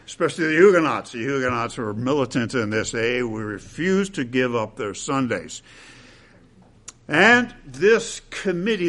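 A man's voice: medium pitch, a bit bright. A man preaching a sermon in a conversational way, dropping asides and checking in with his listeners.

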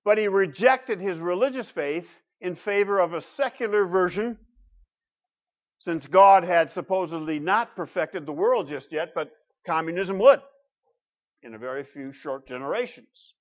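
A man's voice: high voice, animated, unhurried. A middle-aged man preaching a sermon as pastor, emphatic, asking the congregation rhetorical questions. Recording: dull lo-fi sound.

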